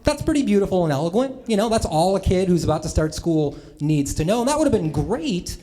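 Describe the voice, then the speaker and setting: A man's voice: sits high, big pitch swings, fairly quick, dark tone. A man from the US Midwest telling comic stories about himself on stage to a live audience, chatty and self-mocking, with asides to the crowd. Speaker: storyteller at a live talk. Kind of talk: comic personal storytelling to an audience.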